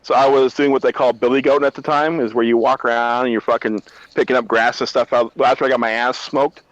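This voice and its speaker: A man who is a retired army drill sergeant, telling profane, animated barracks stories in casual chat. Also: mid-range voice, quick pace, no room sound, lo-fi sound.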